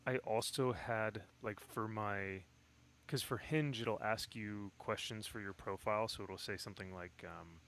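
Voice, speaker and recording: A man in casual chat, talking in a halting, rambling way with many fillers and restarts. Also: lowish voice, fairly bright tone, a little hiss or hum. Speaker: stream guest.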